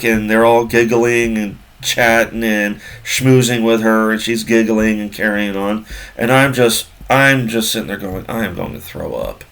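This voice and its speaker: A man's voice: medium pitch, fairly bright tone. A man in his forties telling a casual story from work in a rambling way, with many fillers and repeats. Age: 40s.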